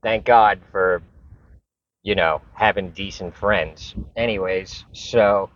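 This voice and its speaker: A man's voice: low voice, slow, fairly bright tone. A man vlogger telling a rambling, profane story in casual talk, full of restarts and asides. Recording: dull lo-fi recording.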